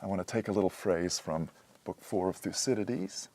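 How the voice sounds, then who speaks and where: A man calmly explaining a grammar lesson in a methodical, patient way, with a few fillers. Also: sits low, normal speed. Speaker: teacher. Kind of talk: explanatory lecture.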